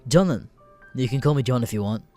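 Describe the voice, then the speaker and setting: A man voicing a creepy stranger who speaks slowly and flatly. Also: medium pitch, soft background music, close to an everyday voice. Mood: eerie.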